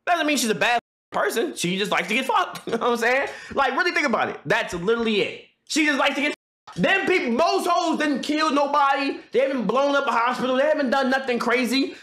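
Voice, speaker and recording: A man livestreaming, ranting loudly and profanely in casual talk, joking and laughing. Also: very high voice, big pitch swings, quick pace, roomy sound. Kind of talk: casual stream rant.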